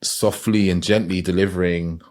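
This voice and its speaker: A man's voice: low-pitched, fairly even intonation, normal speed, darkish tone. A man hosting a podcast interview, reflective and searching for words as he summarizes his guest's points. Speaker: podcast host.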